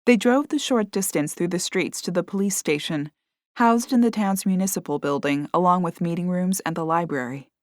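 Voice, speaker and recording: Lady reading an audiobook, lowish voice, dry close sound, steady storytelling. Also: normal speed, no echo. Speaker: audiobook narrator. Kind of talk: scripted narration.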